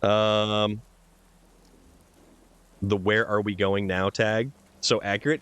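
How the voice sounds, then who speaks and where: A man's voice: fairly low pitch, animated, takes it slowly, long pauses, fairly bright tone, clear, resonant tone. A man from New Hampshire streaming a game live, chatting casually with viewers and calling them dude. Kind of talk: live gameplay commentary and chat reading.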